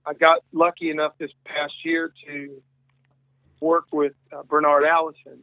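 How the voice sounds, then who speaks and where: Male interview guest, rambling storyteller, dry phone-line audio, slightly higher voice. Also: level tone, a little slow, dry recording. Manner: rambling, many restarts and quoted dialogue. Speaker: guest musician.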